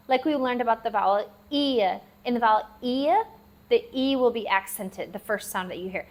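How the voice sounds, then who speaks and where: Patient woman teaching a language lesson. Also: on the high side. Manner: patient, repeats words slowly and spells them out. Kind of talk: classroom-style language lesson. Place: lives abroad in Southeast Asia.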